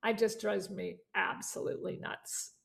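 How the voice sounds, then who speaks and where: Gravelly-voiced woman teaching voice. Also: mid-range voice, moderate pace. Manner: demonstrates voices and resonance while explaining; chatty and animated, with asides. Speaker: vocal yoga teacher. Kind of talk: teaching a certification class.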